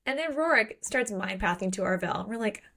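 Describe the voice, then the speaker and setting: A woman co-hosting a casual book podcast, lively, acting out characters' lines and swearing casually. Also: medium pitch, normal speed. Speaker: podcast co-host.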